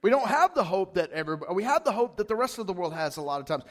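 A male pastor delivers a casual, conversational sermon in a notably high voice. He keeps checking in with "right?" and swells loudly when he drives a point home. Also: racing. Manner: animated, rises loud for emphasis; high-pitched voice.

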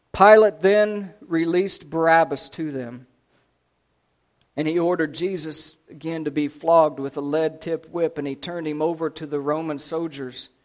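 Male preacher, sermon storytelling, slightly high voice, dramatic swings from loud to quiet. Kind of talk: sermon retelling scripture.

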